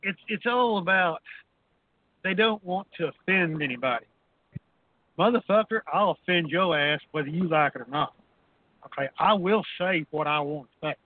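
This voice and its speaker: A man's voice: high-pitched, moderate pace. Profane ranting man in his fifties. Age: 50s. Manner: crude, combative, repeats "okay". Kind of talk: profane ranting talk radio. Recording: phone-line audio.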